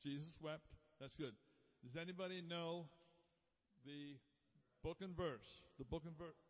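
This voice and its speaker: A man's voice: on the high side, a little slow. A man leading a Bible quiz at church, asking the congregation questions and teasing them over the answers. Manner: playful, teasing, quizzing the crowd. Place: church hall. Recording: dull live hall audio.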